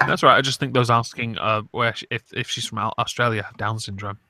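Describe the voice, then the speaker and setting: A man's voice: medium pitch, fairly even intonation, quick pace, pushed and bright. A man with a southern English accent chatting casually on a stream, making blunt, sardonic jokes. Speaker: stream guest. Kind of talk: casual chat.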